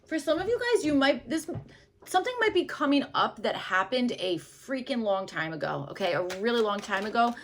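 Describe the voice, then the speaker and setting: A woman's voice: a little high, sing-song, brisk, slight background noise. Rambling woman reading tarot cards. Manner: rambling, loose, many fillers and hedges. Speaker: tarot reader. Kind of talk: casual tarot reading to camera.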